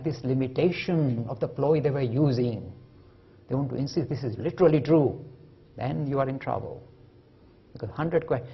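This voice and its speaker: A man giving an animated public lecture, telling stories and acting out the voices of the people in them. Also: mid-range voice, creaky, muffled recording, a little hiss or hum. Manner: lively storytelling, acting out quoted voices. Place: lecture hall.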